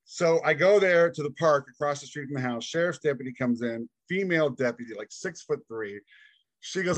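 A man's voice: on the high side, animated, a little fast, no room sound. A man telling a long personal story as a podcast guest, acting out the voices of the people in it and laughing often. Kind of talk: casual storytelling interview.

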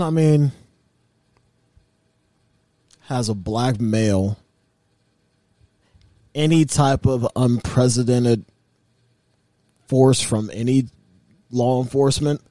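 A man in casual chat, laid-back and measured, swearing casually. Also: mid-range voice, mellow, no echo, clean studio sound.

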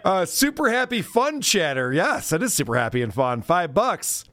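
A man with a high, very lively voice hosts a podcast, reading out donor messages with sarcastic mockery and frequent laughs. The sound is close and dry. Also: normal speed, no room sound. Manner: sarcastic, mocking, laughs often. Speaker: podcast host. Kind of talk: casual podcast chat, reading donations.

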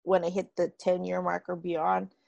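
Woman, host, heavy vocal fry, lowish voice, dry close sound, thoughtful. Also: monotone, moderate pace, a little mellow, no echo, lo-fi sound. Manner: thoughtful, hesitant, many restarts. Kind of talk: reflective interview talk.

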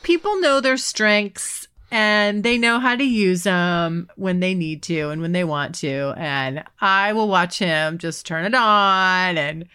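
A woman's voice: lowish voice, takes it slowly, few pauses, bright, forceful tone, clean tone. A woman hosting a podcast, chatting frankly and teasingly and laughing often. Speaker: podcast host. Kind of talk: casual chat.

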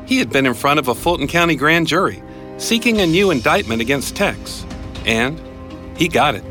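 A man hosting a true-crime podcast, narrating a scripted account in a crisp, matter-of-fact way. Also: on the high side, sing-song, moderate pace, sharp tone, soft background music. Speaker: podcast host and reporter.

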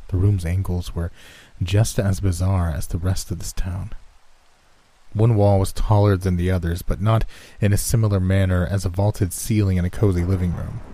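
A man narrating a first-person horror story in a steady, scripted storytelling manner. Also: low-pitched.

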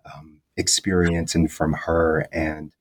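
A young man interviewing an author, speaking in a measured way with frequent filler pauses. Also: a bass voice, flat delivery. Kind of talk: interview questions and conversation.

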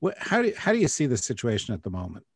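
A man hosting a podcast interview, introducing guests with many halting fillers. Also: mid-range voice, huge pitch swings, gravelly, husky, dry recording, studio quality. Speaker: podcast host. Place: New York City.

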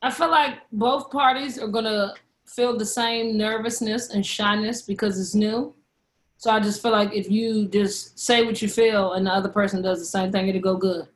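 A woman co-hosting a casual podcast chat, relaxed and matter-of-fact, giving advice. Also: medium pitch, normal speed. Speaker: podcast co-host.

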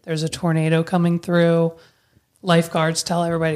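A young adult woman hosting a casual podcast, chatty and quick to tell stories, swearing freely. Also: lowish voice, monotone, a little mellow. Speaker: podcast host.

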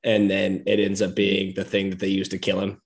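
Easygoing man with a low voice. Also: monotone, normal speed. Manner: easygoing, hesitant with frequent "uh" and "you know". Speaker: podcast co-host. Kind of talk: casual movie discussion.

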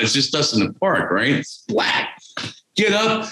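A man's voice: mid-range voice, big pitch swings, normal speed, a bit bright. A man, telling a rambling, profane story as a podcast guest. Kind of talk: casual storytelling. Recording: roomy echo.

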